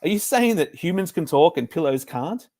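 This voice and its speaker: A man's voice: a little high, animated, moderate pace, darkish tone, pitched above the performer's own voice. A man voicing a cheeky, joking male pillow lion in a storybook reading. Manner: playful, joking.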